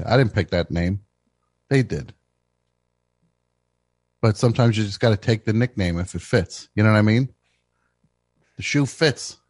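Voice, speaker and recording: A man hosting a comedic radio show, riffing brashly and swinging between mock shouting and muttering. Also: on the low side, no room sound, clean studio sound. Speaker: host. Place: radio studio.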